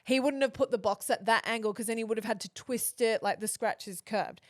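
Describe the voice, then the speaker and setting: A woman's voice: on the high side, a little fast, dry recording, studio quality. A woman around forty, a podcast co-host telling a story casually and animatedly, swearing freely.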